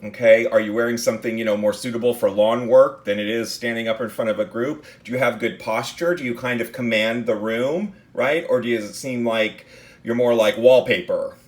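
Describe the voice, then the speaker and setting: Casual male instructor, mid-pitched, lecturing with rhetorical questions and restarts. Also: steady tone, moderate pace. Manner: conversational, with many fillers and restarts; asks the listener rhetorical questions. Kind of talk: recorded lecture on speech delivery.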